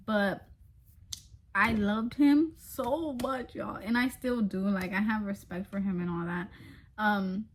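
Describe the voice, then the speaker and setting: A young woman tells a story to her viewers in a loose, chatty vlog monologue. Her voice sits at a middle pitch for a woman. She swears freely and breaks into laughter between lines. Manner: addresses viewers directly as y'all. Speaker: vlogger.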